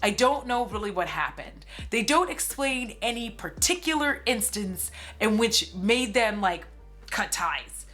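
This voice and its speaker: A woman's voice: medium pitch, animated, measured pace, pushed and bright, soft background music. A woman in her forties giving a casual, sarcastic movie recap, with lots of "like" and some swearing. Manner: chatty and sarcastic, heavy use of "like", swears freely. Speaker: movie commentary streamer.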